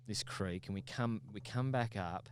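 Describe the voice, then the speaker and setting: Low-voiced man telling a story. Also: moderate pace, slight background noise. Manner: animated, swears freely, acts out his own shouts. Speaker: podcast guest. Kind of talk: casual storytelling.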